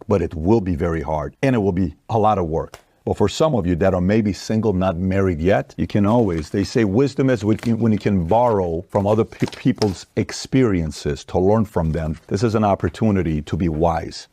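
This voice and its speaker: A man giving an opinionated, forceful monologue with rhetorical questions. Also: deep voice, breathy edge, no room sound, studio quality. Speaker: commentator.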